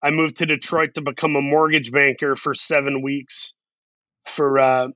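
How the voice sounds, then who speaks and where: A man's voice: medium pitch, level tone, normal speed, pushed and bright, dry recording, highs cut off. A man, an actor guest, telling long self-deprecating stories in a casual interview. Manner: rambling, self-deprecating anecdotes.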